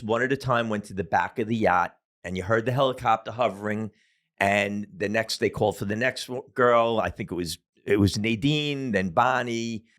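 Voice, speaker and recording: A middle-aged man of average pitch tells a story as a podcast guest. He talks casually and swears freely, with lots of fillers and restarts. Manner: casual, profane, animated storyteller with many fillers.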